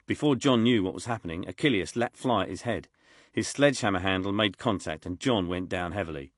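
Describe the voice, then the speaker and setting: A man reading an audiobook in a steady, measured way. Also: deep voice, dry recording, clean studio sound. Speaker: audiobook narrator. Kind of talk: scripted narration.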